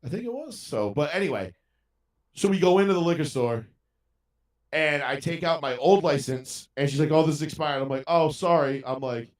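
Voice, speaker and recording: A man's voice: fairly high pitch, lively intonation, moderate pace. A man telling a story in casual podcast chat, ranting with heavy profanity. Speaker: podcast co-host. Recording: roomy sound from a distant mic.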